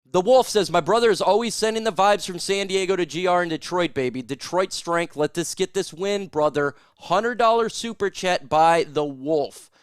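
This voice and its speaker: A man hosts a live sports stream in casual, hype-driven chat, bursting into whoops and shouts for his viewers. His voice sits fairly high and comes through smooth and clear. The close mic leaves almost no room sound. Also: normal speed, hardly any pauses, dry recording.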